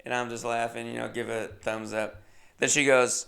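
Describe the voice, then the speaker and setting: A man's voice: mid-range voice, little pitch movement, normal speed, gravelly, a bit bright. A man hosting a podcast, telling a comedic story in a wry, self-deprecating way. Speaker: podcast host.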